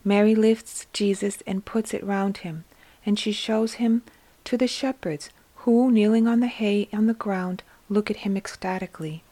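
A woman reads a devotional story in a gentle, hushed voice at a middle pitch, slipping now and then into whispers. Her delivery is quiet and unhurried, carrying every character herself. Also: fairly even intonation. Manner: soft, hushed reading that often drops to a whisper. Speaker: narrator. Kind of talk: scripted narration of a religious story.

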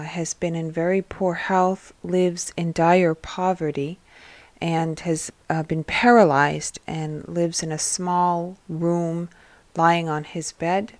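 A woman reads a devotional text aloud as host, gentle and measured. She takes her time, and the recording sounds dry and close. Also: lowish voice, no echo. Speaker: host and reader. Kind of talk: devotional scripture reading.

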